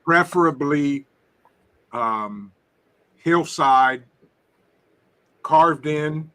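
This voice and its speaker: A man on a livestream panel, speaking at an unhurried, drawn-out pace. His voice is bright and forceful, and he agrees readily with the others as he talks. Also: on the high side. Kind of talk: casual chat.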